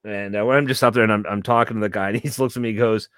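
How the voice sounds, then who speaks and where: A man's voice: lowish voice, fairly even intonation, rapid-fire, a bit bright, clear, resonant tone, no room sound, clean studio sound. A Canadian man chatting casually on a podcast, telling stories with frequent laughs and swearing. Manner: laughs often, swears, tells anecdotes. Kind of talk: casual chat.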